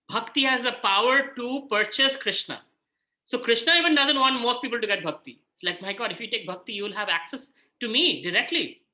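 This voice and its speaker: A man's voice: high voice, poor audio. A man with an Indian English accent giving an informal scripture talk, telling stories and acting out the voices of people in them. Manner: animated storytelling, acts out quoted voices. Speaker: spiritual teacher.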